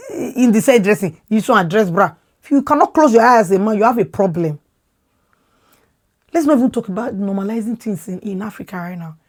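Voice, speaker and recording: A podcast host in her thirties with a Nigerian accent gives impassioned opinions in a somewhat high voice that rises and falls widely. She speaks loudly and expressively, and when worked up she repeats words to drive her point home.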